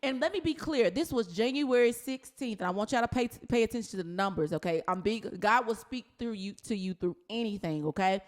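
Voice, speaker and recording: A woman hosting a podcast in casual chat, telling a story with animated energy and frequent laughter. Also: a little high, fairly quick, hardly any pauses. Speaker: podcast host.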